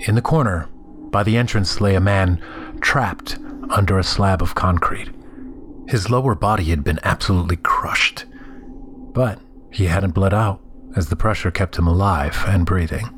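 A man with a very low voice tells a first-person horror story in scripted narration. His delivery is measured and somber, and he often sinks into hushed, whispered passages. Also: a little hiss or hum.

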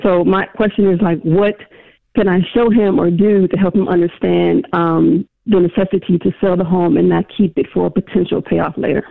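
A woman calling into a radio show, explaining her situation hesitantly with many pauses and fillers. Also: lowish voice, level tone, creaky, dry recording. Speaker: caller. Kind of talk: phone-in question. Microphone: phone. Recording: tinny phone line.

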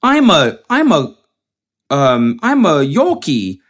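A man putting on a squeaky little Yorkie dog voice. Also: huge pitch swings, slow pace, full character voice. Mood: babyish. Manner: high and babyish. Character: silly small male Yorkie dog captioning itself.

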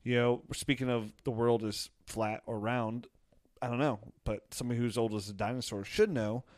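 A man's voice: medium pitch, fairly even intonation, moderate pace, dry recording. A man hosting a casual sports podcast, joking around and slipping into silly voices now and then. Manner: jokey, puts on silly voices for players. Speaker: podcast host.

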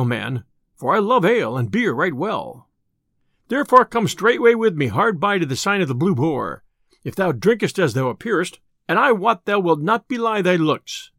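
A man's voice: fairly high pitch, gravelly, fairly bright tone, no echo, clean studio sound, full character voice. A man reading aloud, voicing a cheerful, teasing young outlaw hero in an audiobook tale. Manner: jovial, playful.

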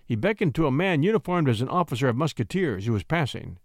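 A man narrating a classic short story in an expressive storytelling manner. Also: medium pitch, quick pace, few pauses, no echo, clean studio sound. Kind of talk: scripted narration.

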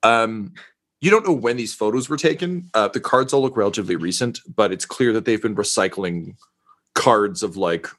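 Man, game master, rambling, wry, lots of ums, lowish voice. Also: normal speed, a bit bright. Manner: rambling, filler-heavy, wry. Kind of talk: narrating a tabletop game.

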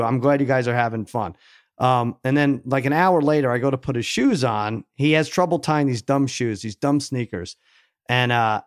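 Animated, exasperated man telling stories. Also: medium pitch, no room sound, clean studio sound. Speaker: podcast co-host. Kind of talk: casual storytelling chat.

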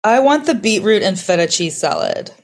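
A woman chatting as a podcast guest, playful and quick with teasing comebacks. Her voice sits in an ordinary middle pitch. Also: very animated. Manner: playful, laughing, quick retorts. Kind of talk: casual chat.

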